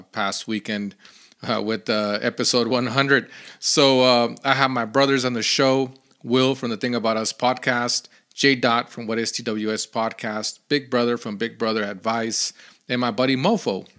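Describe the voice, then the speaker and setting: A man hosting his own podcast, telling a story in a chatty, animated way with lots of fillers. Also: medium pitch, a little slow. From Phoenix, Arizona area. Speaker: podcast host. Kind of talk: casual solo podcast storytelling.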